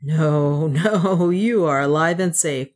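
A woman reading the part of a male adventurer, brisk and reassuring toward his companions. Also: deep voice, darkish tone.

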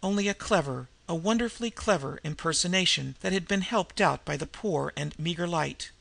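A man's voice: on the high side, normal speed, gravelly, fairly bright tone, no room sound. A man narrating a suspense story as an audiobook reader, dramatic storytelling. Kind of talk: scripted narration.

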